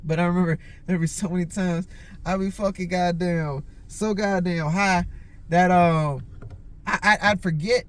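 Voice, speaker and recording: A man's voice: fairly even intonation, measured pace. Profane, rambling man telling stories. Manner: rambling and heavily profane, lots of filler "like"; acts out his own quotes with jumps in pitch. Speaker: podcast host. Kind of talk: casual storytelling.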